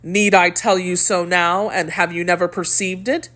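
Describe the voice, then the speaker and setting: A woman voicing a young male swordsman in an audiobook, earnest and flattering. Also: on the low side, moderate pace, close to an everyday voice. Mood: ardent.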